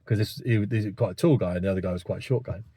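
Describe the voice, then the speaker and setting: A man's voice: on the low side, racing, mellow, breathy edge, no echo. Blunt man in his fifties. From England. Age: 50s. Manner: rambling, blunt, opinionated, many asides. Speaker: vlogger. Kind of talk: casual opinion monologue to camera.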